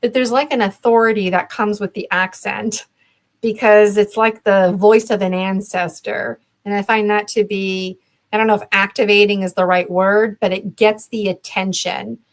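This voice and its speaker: A woman's voice: medium pitch, steady tone, normal speed, poor audio. A woman from Canada, a guest on a video-call interview, talking in a rambling, reflective way with many fillers. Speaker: guest promoting a conference.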